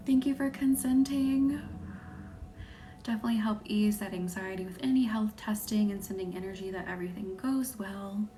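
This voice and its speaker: A woman from the American South with a light Southern accent, hosting a live Reiki stream. She chats with viewers and thanks them by name, and often drops into a soft whisper. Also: mid-range voice, normal speed, slight background noise. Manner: chatty, laughs easily, thanks viewers by name. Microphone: phone or webcam on a live stream.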